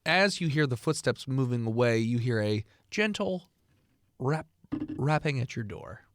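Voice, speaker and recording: A man narrating a tabletop role-playing game as game master, in a casual, animated way with fillers. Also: medium pitch, unhurried, no echo, studio quality.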